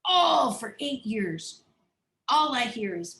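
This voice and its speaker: Bright-voiced, animated woman telling stories. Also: on the high side, measured pace, roomy sound. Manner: animated, expressive, acts out voices, laughs often. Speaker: guest, organizational psychologist and coach. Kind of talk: candid storytelling in a podcast interview.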